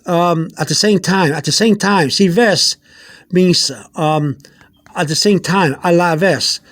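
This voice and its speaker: A man giving an informal language lesson, halting and repeating himself, spelling out letters and explaining slowly with many fillers. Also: high-pitched, fairly bright tone. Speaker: language teacher.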